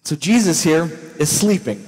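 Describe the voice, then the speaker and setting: A male pastor preaching a sermon in a church, with animated storytelling that acts out scenes. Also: on the high side, normal speed, long reverb tail, rough recording.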